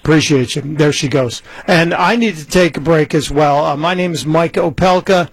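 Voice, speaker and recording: A man's voice: on the high side, normal speed, breathy edge, no room sound, poor audio. A man filling in as a talk radio host, speaking conversationally, with a few stumbles and fillers.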